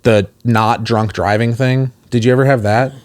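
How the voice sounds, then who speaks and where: A man's voice: mid-range voice, fairly even intonation, moderate pace, a little mellow. A man on a casual podcast, co-hosting and telling a long rambling story, often laughing between his words. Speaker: podcast co-host. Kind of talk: casual chat.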